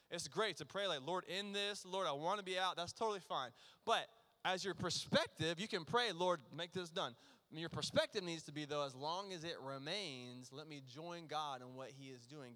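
Male pastor preaching, earnest, emphatic, bright ringing tone, smooth voice, reverberant hall. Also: sits high. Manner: earnest, emphatic, drops to a hush for asides. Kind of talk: sermon. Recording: long reverb of a large hall.

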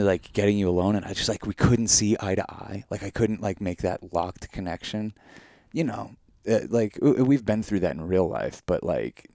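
Man, deep low voice, dry close sound, casual podcast chat, animated storyteller. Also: no echo. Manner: animated storytelling with many fillers. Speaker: podcast co-host. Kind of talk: casual chat, telling a dream.

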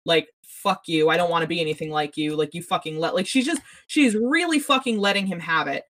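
A woman's voice: lowish voice, fairly quick, a bit bright. A woman co-hosting a TV recap podcast, ranting with profanity and many restarts in casual chat. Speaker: podcast co-host.

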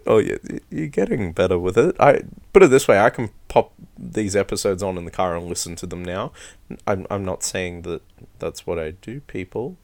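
A man co-hosting a podcast in casual banter, playful and quick to laugh. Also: low voice, expressive, gravelly, darkish tone. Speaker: podcast co-host.

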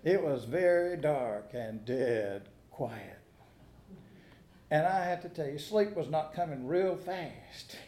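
A pastor preaches in a church sanctuary, spinning folksy stories with dry humor and putting rhetorical questions to the congregation. His voice is on the high side, dark, animated and slow, and the room echoes around him.

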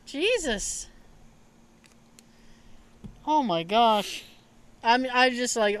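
A woman hosting a podcast, telling a family story in casual chat, animated and swearing freely with frequent laughter. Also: on the high side, extremely slow, pauses often, slight background noise. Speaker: podcast host.

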